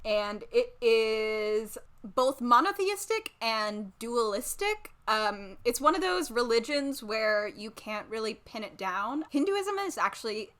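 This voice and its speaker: A giggly young woman with a Massachusetts accent co-hosts a podcast in loose, rambling chat, full of ums and uhs. Her voice is bright and crisp and sits somewhat high for a woman. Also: very animated, takes it slowly, hardly any pauses. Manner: giggly, rambling with many fillers. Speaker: podcast co-host. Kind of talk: casual chat.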